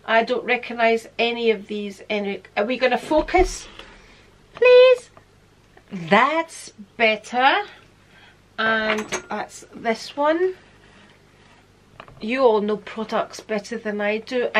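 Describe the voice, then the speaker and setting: A woman chats to a camera set up in front of her at home, unboxing beauty products while snacking. Her voice sits a touch high, she laughs often, and a faint hiss runs under the recording. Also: lively intonation, takes it slowly, fairly bright tone. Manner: chatty, laughs often, talks with food in mouth. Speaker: vlogger. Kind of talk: casual chat to camera.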